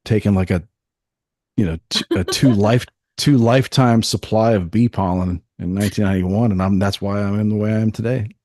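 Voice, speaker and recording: A man co-hosting a podcast, joking and rambling with restarts and deadpan asides. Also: lowish voice, a little fast, no room sound, studio quality. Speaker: podcast co-host. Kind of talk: casual banter.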